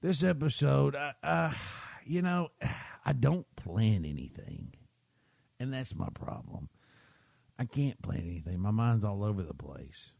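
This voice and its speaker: A man's voice: medium pitch, expressive, measured pace, vocal fry, a little mellow, no echo. A man, hosting a podcast and rambling through a self-deprecating story while checking in with his listeners. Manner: chatty, keeps checking in with listeners. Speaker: podcast host.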